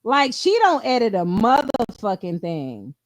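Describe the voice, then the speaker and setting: A woman with a high, lively voice runs a casual reaction stream, dishing blunt and profane gossip. She sits close to a dry mic with no room sound at all. Every so often she slips into quick impressions of the people she's reacting to. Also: dry recording. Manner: mimics the clip in quoted voices. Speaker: stream host.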